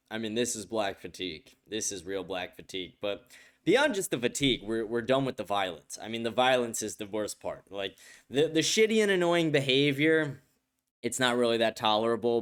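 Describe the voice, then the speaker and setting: A man's voice: on the low side, fairly bright tone, clear, resonant tone. A man hosting a streamed commentary show, talking bluntly and profanely straight to his viewers. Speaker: show host.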